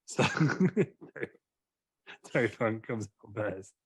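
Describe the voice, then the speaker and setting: Podcast co-host, man, husky, low, dry sound, giggles through a rambling comic story. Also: animated, drawn-out words, no room sound. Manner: giggly, rambling, laughs mid-sentence. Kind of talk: comedic storytelling.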